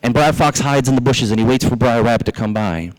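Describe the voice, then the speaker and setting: A male pastor with a Southern US accent preaching a sermon, telling a story in an animated way and speaking directly to the congregation. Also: mid-range voice, fast talker, low-quality recording.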